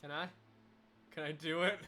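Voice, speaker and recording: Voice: medium pitch, fairly even intonation, moderate pace, sharp tone. A game developer giving casual playthrough commentary, joking, swearing and reading the game's dialogue aloud.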